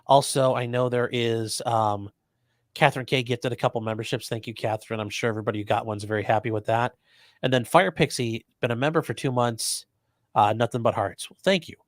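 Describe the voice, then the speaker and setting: A man's voice: medium pitch, steady tone, no room sound, clean studio sound. A man hosting a livestream, chatting casually and reading out viewer messages, often stumbling over his words. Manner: halting, repeats words, reads super chats aloud. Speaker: livestream host.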